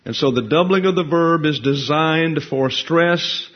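A man's voice: on the high side, unhurried. A man teaching a Bible study, explaining Hebrew grammar in a careful, methodical way to his class. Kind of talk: verse-by-verse Bible study lecture. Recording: dull lo-fi recording.

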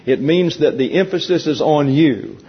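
A man leading a Bible class, teaching in a teasing, conversational way and explaining points slowly to a room of listeners. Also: a little high, husky. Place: church classroom with an audience. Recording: dull lo-fi recording.

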